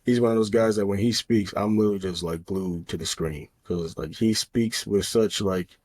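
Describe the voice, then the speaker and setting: A man with a fairly low voice co-hosts a podcast in loose, casual chat. He rambles, leaning on fillers and restarts as he works through his thoughts. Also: normal speed, darkish tone. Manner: rambling, heavy on fillers like "you know" and "um". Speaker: podcast co-host.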